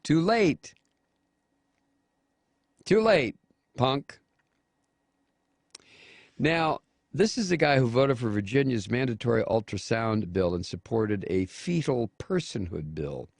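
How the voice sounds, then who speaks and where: Gravelly, scornful male talk-radio host. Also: fairly low pitch, a little mellow, dry recording, studio quality. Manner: scornful, name-calling, mocking quotes in a raised voice. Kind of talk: angry political commentary.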